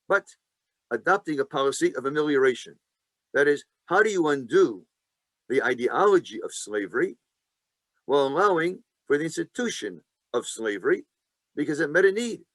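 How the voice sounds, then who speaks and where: A man teaching a Torah class, emphatic and lively, who asks his listeners questions and answers them himself, with joking asides. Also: fairly high pitch, no room sound.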